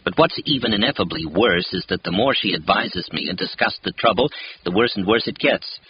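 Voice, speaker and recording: Male audiobook narrator, lowish voice, first-person novel, expressive, lo-fi recording. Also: slightly rough. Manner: measured, expressive reading. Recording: dull, lo-fi with faint hiss.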